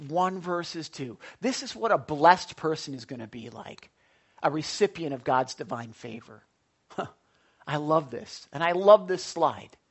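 A man preaching a sermon in a broadcast Bible teaching, excitable, jumping from loud exclamations to hushed asides. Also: high voice.

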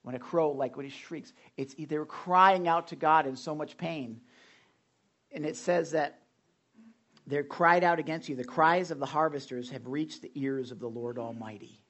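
A man preaching a casual, animated sermon, full of asides and jokes to the congregation. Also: a little high, normal speed. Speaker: pastor. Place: hot church room.

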